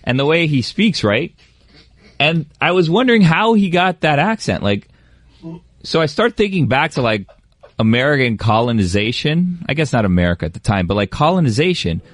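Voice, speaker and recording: A man's voice: on the high side, big pitch swings, normal speed, no echo. A man chatting casually on a radio show, rambling with lots of fillers and slang.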